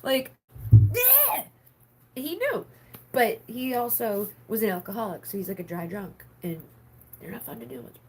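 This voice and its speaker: A woman's voice: medium pitch, expressive, moderate pace, darkish tone, slight background noise. A woman hosting a casual livestream for her members, rambling with lots of filler words and frank swearing. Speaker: spiritual healer hosting a members' live stream.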